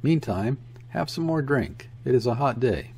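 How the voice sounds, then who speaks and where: A man voicing a weary middle-aged trader who rambles on excitably to his guests. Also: medium pitch, normal speed, slightly rough, pitched above the performer's own voice. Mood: bustling. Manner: garrulous, excitable, jumping between topics.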